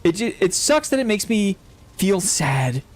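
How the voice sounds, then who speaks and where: A man streaming a game live, commenting casually and getting excited and gushing as he explores. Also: sits high, unhurried. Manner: excitable, gushing, laughs often.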